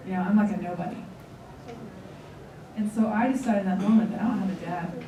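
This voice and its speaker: A woman's voice: medium pitch, brisk, pauses often. Woman seminar leader telling her story, earnest, roomy echo, mic kinda far off, crowd in the background. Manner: candid, earnest storytelling with quoted dialogue. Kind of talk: personal story told to a seminar room. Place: large room with an audience. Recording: echoey room from far off, audience noise. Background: audience murmur.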